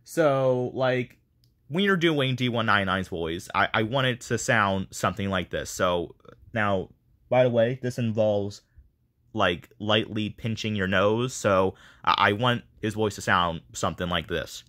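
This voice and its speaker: A man with a fairly low, fairly bright voice speaks unhurriedly as he runs a voice casting call. The video creator chats casually to viewers, rambling and poking fun at himself.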